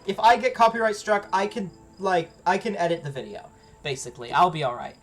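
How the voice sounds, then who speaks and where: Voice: medium pitch, a little fast, faint music behind. A streamer chatting casually while playing a strategy game, often reading on-screen text aloud. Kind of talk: casual live game commentary.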